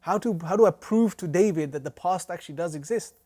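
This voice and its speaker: A man's voice: high voice, fairly quick, mellow. A man teaching a recorded religious lecture, explaining with rhetorical questions and a storytelling analogy. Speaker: course teacher.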